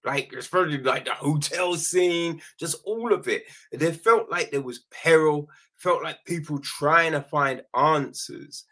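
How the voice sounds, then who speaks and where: A man talks through a film in a loose, conversational critique, slow and unhurried in pace. His voice is husky and a little rough at the edges, and he keeps the energy up by checking in with "right?" and snapping into short acted-out lines. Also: fairly high pitch. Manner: animated, keeps asking "right?", acts out quick quoted lines, swears freely. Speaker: film reviewer. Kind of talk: casual spoken film critique.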